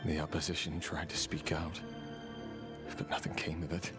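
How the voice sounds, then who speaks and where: Casting brief: a game's brooding hired blade, very low, measured and reflective, with clear music under him. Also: male voice, little pitch movement. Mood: grave. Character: weary, brooding male swordsman who kills for a king. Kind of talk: game voice acting. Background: game soundtrack music.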